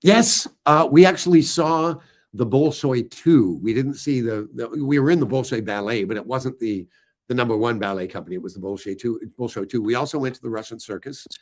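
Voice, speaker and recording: A middle-aged man chatting casually about his book, telling stories in a lively way with filler words. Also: medium pitch, brisk. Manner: animated storyteller, voices quoted people loudly. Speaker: author discussing his book. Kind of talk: casual storytelling chat.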